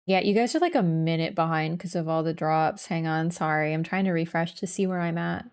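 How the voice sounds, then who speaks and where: A woman's voice: deep voice, brisk, darkish tone, smooth. A woman streaming a video game, chatting casually to her viewers, apologetic and swearing now and then. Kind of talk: casual livestream chat.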